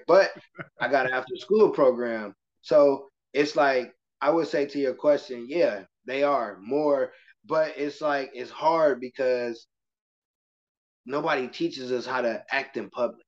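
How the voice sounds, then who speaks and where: A man who teaches kindergarten, speaking as a guest in a casual interview and telling stories with lively acted-out voices. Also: mid-range voice, measured pace. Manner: animated storytelling, slips into voices of kids and adults. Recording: muffled lo-fi podcast audio.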